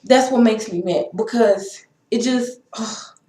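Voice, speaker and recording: A woman's voice: on the high side, measured pace, warm tone. A young woman, talking in an impassioned, repetitive way in a personal vlog. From Texas. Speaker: vlogger. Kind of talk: emotional personal vlog rant. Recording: echoey room.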